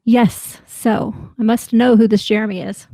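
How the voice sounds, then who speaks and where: A woman's voice: fairly high pitch, steady tone, normal speed, vocal fry, dark tone, no echo. A woman from the United States co-hosting a podcast in casual chat, chatty and emphatic. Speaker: podcast co-host.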